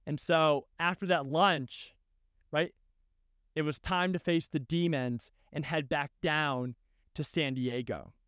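A man's voice: a little high, fairly even intonation, slow pace, a bit bright, smooth, no room sound, clean studio sound. A young man hosting a podcast, telling a personal story in a casual, heartfelt way and often tagging on "right?" and "dude". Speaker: podcast host.

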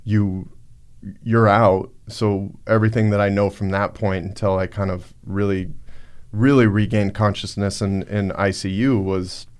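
A man on a podcast, recounting a personal story in a halting, reflective way with many fillers. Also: lowish voice, steady tone, smooth. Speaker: podcast guest. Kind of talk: casual storytelling.

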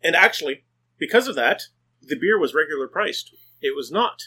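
A man's voice: fairly high pitch, very animated, normal speed, pushed and bright, breathy edge. A man co-hosting a podcast, speaking hesitantly in a casual chat, with many fillers and repeated words. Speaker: podcast co-host.

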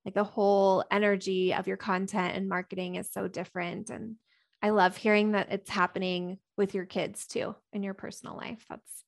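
A woman's voice: mid-range voice, flat delivery, normal speed, gravelly, dry recording, studio quality. A woman hosting a group call, responding in an affirming, encouraging way. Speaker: mastermind host. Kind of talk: casual group chat.

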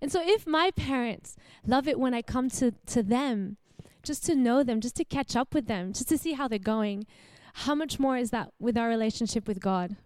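An Australian woman in her young adult years gives a church sermon in a high, clear voice. She speaks warmly and conversationally, asking the congregation questions. The sound is close and dry. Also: normal speed, hardly any pauses, dry recording. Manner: warm, animated, laughs often, asks the audience questions. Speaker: preacher.

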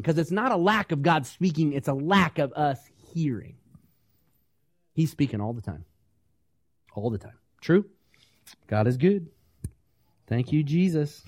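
High-voiced preacher, dry sound. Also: male voice, unhurried, long pauses, no room sound. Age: young adult or middle-aged, parent of small kids. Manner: animated preaching, acting out quoted voices, asking the congregation questions. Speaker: pastor. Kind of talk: sermon.

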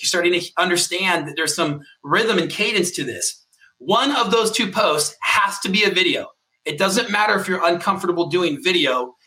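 A man co-hosts a podcast and coaches his listeners with emphatic, punchy conviction. His voice sits a little high and rings very bright. His delivery is forceful and motivational. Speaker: podcast co-host and mortgage coach.

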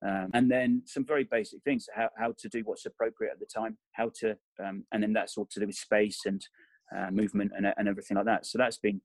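Man, rugby coach guest, low voice, level delivery, meandering, dry sound. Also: fairly even intonation, a little fast, dry recording. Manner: meandering, self-correcting. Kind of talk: casual interview chat.

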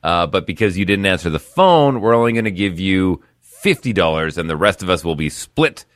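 A man's voice: sits low, expressive, fairly quick, a bit bright, dry recording, clean studio sound. Playful man hosting morning radio. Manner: playful and theatrical. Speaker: radio morning show host. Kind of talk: joking radio banter. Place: radio studio.

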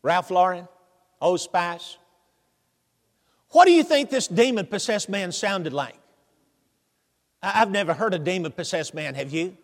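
A man's voice: high voice, lively intonation, unhurried, pauses often. A man preaching a sermon, telling the story animatedly with humor and asking the congregation questions. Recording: long hall reverb.

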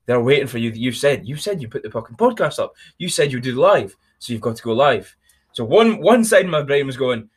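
A man's voice: mid-range voice, expressive, fast, slightly rough. A young man hosting a motivational podcast, talking bluntly and energetically with plenty of swearing. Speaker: podcast host.

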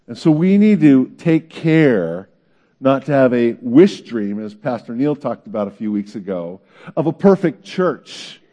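A man's voice: mid-range voice, mellow. A man preaching a sermon in an earnest way, his voice climbing into pleading questions. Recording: long reverb of a large hall.

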